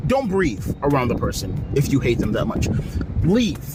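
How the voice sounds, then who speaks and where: A man's voice: high-pitched, big pitch swings, a little slow, loud music behind the voice. A man hosting a video, ranting with exasperation and profanity and repeating himself. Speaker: wrestling commentary video host. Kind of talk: angry rant vlog.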